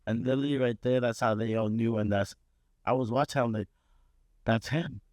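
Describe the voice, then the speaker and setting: A man's voice: mid-range voice, fairly even intonation, fast, darkish tone, dry recording. Playful teenage guy co-hosting. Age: late teens. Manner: playful, defensive, jokey. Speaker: podcast co-host. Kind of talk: casual chat.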